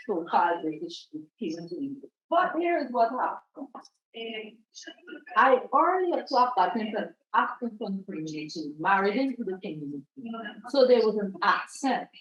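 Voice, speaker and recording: A woman's voice: mid-range voice, moderate pace. A middle-aged woman from Guyana, a mental health practitioner speaking in a panel discussion and telling stories with quoted voices. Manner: animated storytelling, acting out quoted voices. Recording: roomy, dull lo-fi sound.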